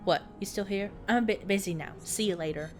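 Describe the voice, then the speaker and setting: A woman's voice: medium pitch, brisk, over music, close to an everyday voice. A woman reading a young female game character's lines aloud, swooning over a love letter. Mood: dreamy.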